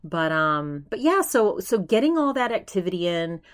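A woman hosting her own podcast, telling a story alone in a chatty, animated way with many restarts and quoted asides. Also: on the low side, moderate pace. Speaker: podcast host. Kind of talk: casual solo storytelling.

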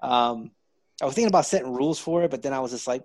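A male podcast host tells stories in a loose, casual way and slips into the voices of the people he quotes. His voice sits at an ordinary pitch and sounds dry and close to the mic. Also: fast talker, dry recording. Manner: animated storyteller, acts out quoted voices. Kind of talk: casual chat.

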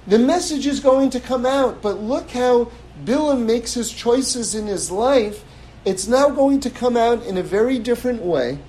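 High-voiced male teacher giving an animated, casual scripture lesson. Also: a little slow, poor audio. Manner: animated, chuckling, repeats words while thinking. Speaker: religious teacher.

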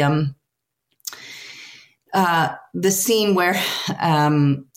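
A woman with a notably low, deep voice speaks as an interview guest. She is a film translator. She talks earnestly and reflectively, stopping often to search for the right words.

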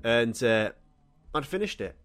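A man, telling crude, animated comic stories as a podcast host and swearing freely. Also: medium pitch, unhurried. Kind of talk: comic storytelling monologue.

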